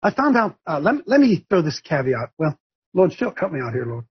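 A man leading a preaching-style group discussion on a video call, addressed as coach, animated and repetitive as he calls on listeners one by one. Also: fairly high pitch, a little fast. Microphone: video call microphone. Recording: muffled video call audio.

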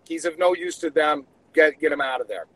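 A man's voice: fairly high pitch, fairly quick, a bit bright, no echo, low-quality recording. A man calling in to a talk show who states his prediction in a confident, insistent way. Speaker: caller. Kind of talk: call-in opinion.

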